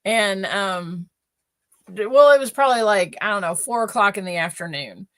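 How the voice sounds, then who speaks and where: Woman, bright, chatty storyteller, casual livestream host. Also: mid-range voice, moderate pace. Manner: chatty, animated storyteller, many fillers.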